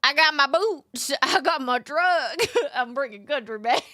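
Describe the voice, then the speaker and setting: A woman's voice: fairly high pitch, moderate pace, fairly bright tone, dry recording, clean studio sound, lightly acted. A woman streamer voicing a playful, twangy country woman who brags about her boots and truck. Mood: playful drawl.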